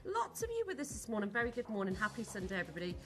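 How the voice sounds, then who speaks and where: A woman's voice: mid-range voice, huge pitch swings, very fast, music in the background. A woman presenting live on a shopping channel in a studio, gushing and enthusiastic as she greets viewers by name.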